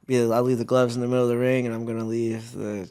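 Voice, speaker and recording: A man's voice: medium pitch, little pitch movement, quick pace, warm tone. A young man from the United States, a guest athlete in a casual chat, telling stories in a laid-back, slang-heavy way with easy laughs.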